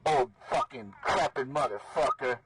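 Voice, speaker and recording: A woman livestreamer heckling protesters outdoors, yelling profane insults and sing-song chants. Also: rumbling low, expressive, measured pace. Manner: shouting crude taunts and chants. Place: outdoors at a crowded gathering. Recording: crowd heard behind. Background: crowd noise.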